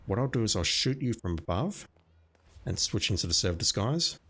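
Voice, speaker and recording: There's a breathy edge to this Australian man's fairly low, slightly bright voice, which has a sing-song lilt and moderate pace. Streaming a game, he offers chatty, self-deprecating commentary and talks to his chat by name.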